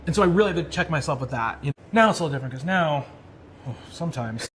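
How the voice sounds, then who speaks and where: A man's voice: a little high, animated, racing, fairly bright tone, slight background noise. A man talking as a podcast guest, candid and reflective in casual chat.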